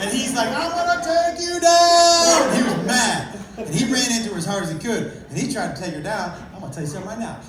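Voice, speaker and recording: A male stand-up comedian telling a rowdy, profane story on stage, acting out voices and breaking into shouts. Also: high voice, very fast, heavy background noise. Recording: echoey club, live crowd laughing. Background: crowd laughter.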